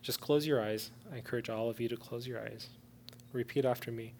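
A man preaching as a pastor, earnestly urging and then leading a prayer, moving from soft, low prayer to loud pleading. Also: fairly even intonation, a little fast, a little hiss or hum. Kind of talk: sermon with altar-call prayer.

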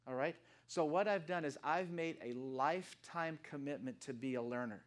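A man of seventy preaching a casual, animated sermon, joking with the congregation and swinging from soft to loud. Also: fairly high pitch, normal speed. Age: 70s. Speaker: guest preacher.

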